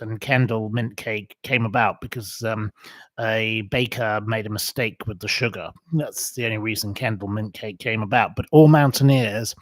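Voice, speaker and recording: This is a man from England chatting away on a home livestream, drifting from one story to the next. His voice sits at a medium pitch, full of ums and half-started sentences. The sound is dry and close, with no room echo. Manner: chatty, digressive, many ums and restarts. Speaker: livestream host. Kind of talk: rambling casual livestream chat.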